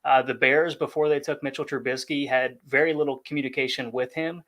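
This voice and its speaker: A man analyzing football in casual podcast chat, explaining in a measured way. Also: medium pitch, steady tone, fairly bright tone.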